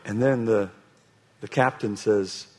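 A man preaching a sermon, with a husky voice, often restarting phrases and telling an animated story. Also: on the low side, slow pace.

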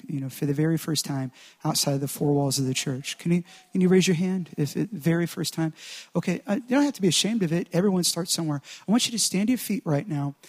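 A man with a slightly raised pitch preaches to a church, urging the congregation to their feet. He exhorts with repeated phrases that gather force before leading into prayer. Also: a little mellow. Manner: exhorting, repetitive restarts building in intensity. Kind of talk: sermon with altar call and prayer.

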